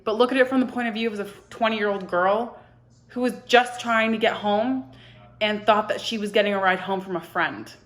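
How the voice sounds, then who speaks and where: Soft-spoken young woman telling a painful story. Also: medium pitch, steady tone. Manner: halting, emotional, often soft and hushed. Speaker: vlogger. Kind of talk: personal confessional storytelling.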